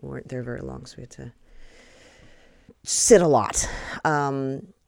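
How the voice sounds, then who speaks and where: A woman hosting a podcast with a raspy, tired voice, chatting casually and rambling with lots of fillers. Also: very deep voice, measured pace, darkish tone, dry recording, studio quality. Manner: rambling, hesitant, many fillers. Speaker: podcast host. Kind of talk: casual chat.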